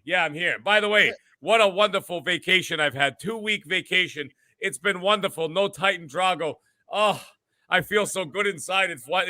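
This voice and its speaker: A man's voice: sits high, pushed and bright, dry recording. A man hosting a gaming podcast, ranting in a profane, mock-boastful way. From Canada. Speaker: podcast host. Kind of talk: casual gaming podcast chat.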